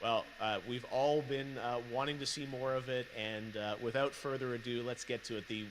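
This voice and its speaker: A man's voice: mid-range voice, fairly even intonation, moderate pace. A man hosting a live in-game event, upbeat and interviewing his guest. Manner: upbeat presenter, hyping and interviewing. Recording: noisy game-stream audio.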